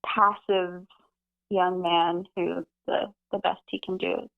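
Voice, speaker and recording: A woman's voice: on the low side, level tone, takes it slowly, vocal fry. A woman calling in to a live stream, chatting with wry, dry humor. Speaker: caller. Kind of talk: call-in chat. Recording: tinny phone line.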